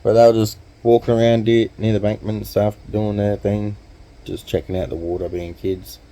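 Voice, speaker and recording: Australian male vlogger spinning a yarn: easygoing and slangy, with a low and very warm voice. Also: level tone, moderate pace, a little hiss or hum, low-quality recording. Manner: laid-back, chatty, slangy. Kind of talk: casual storytelling.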